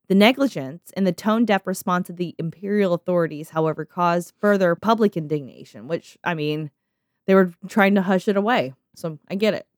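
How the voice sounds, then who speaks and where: A woman's voice: on the low side, darkish tone, no room sound, clean studio sound. A woman podcast host reading out a history story, breaking in with laughing, profane asides.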